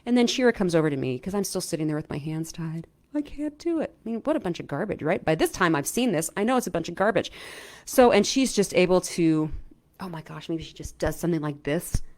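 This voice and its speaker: A middle-aged woman coaching viewers in a casual, chatty way, often checking in with "right?" and filling pauses with "um". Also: on the low side. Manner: animated, chatty, lots of "right?" and "um". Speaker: self-help coach. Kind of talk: casual explainer talk to camera.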